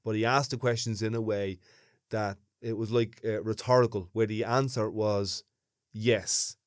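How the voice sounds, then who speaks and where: A man's voice: fairly low pitch, fairly even intonation, measured pace, clean tone, no room sound, studio quality. A man with a thick Dublin accent, co-hosting a podcast in easygoing chat, thoughtful and given to restarting his words. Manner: chatty, thoughtful, repeats words when starting. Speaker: podcast co-host. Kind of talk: casual chat.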